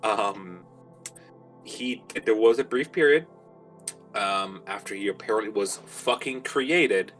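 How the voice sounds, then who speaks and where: A man's voice: fairly low pitch, slow pace, a bit bright, faint music behind, low-quality recording. A man on a streamed game panel, chatting loosely and joking, swearing casually as he talks. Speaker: tabletop game player, panelist.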